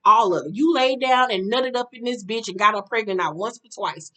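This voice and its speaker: A woman's voice: a little high, fairly quick, hardly any pauses, sharp tone. A woman hosting a casual reality TV recap, blunt and profane, laughing and acting out the people she quotes. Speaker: reality show recap host.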